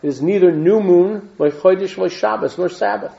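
A man's voice: high-pitched, moderate pace, creaky, warm tone. A man reading scripture aloud and explaining it as a Torah teacher, breaking in with plain asides and Hebrew terms. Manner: reads verses then adds plain asides and Hebrew terms. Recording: dull lo-fi recording.

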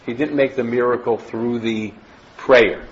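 A man's voice: mid-range voice, steady tone, measured pace. A man teaching a Torah class, reading passages from a text aloud and explaining them with frequent restarts. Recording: dull lo-fi recording.

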